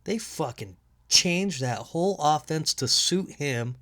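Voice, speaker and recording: Hosting a casual solo sports podcast from home, a man rambles and swears, laughing at his own jokes. His nasal voice sits on the high side and is expressive, slow and fairly bright.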